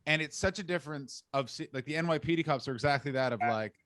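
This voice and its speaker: A man as a comedian guest on a podcast, telling stories in an animated, jokey way. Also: a little high, fast, noisy background. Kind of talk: casual podcast chat.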